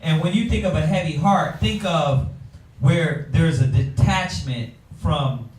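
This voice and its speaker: A man's voice: on the high side, measured pace, a little mellow. A man teaching in a religious group discussion, preachy and playful, acting out quoted lines. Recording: roomy sound from a distant mic, faint noise.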